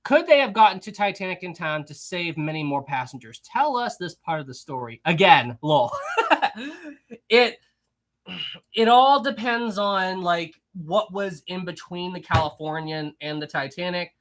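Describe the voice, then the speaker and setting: A man's voice: sits high, animated, a little slow, a bit bright. A man hosting a casual livestream, chatty and giggly, reading viewer messages and rambling with frequent restarts. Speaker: livestream host. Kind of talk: casual livestream chat, reading super chats.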